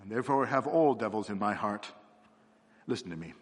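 A man voicing a gentle, perceptive little priest who speaks gravely and calmly. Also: fairly low pitch, a little fast. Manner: grave, quiet and calm. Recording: long hall reverb.

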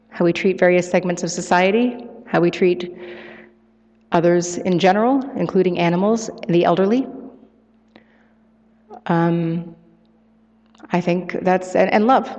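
Woman author reading her book live, expressive, muffled echoey hall sound. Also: fairly low pitch. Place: event hall.

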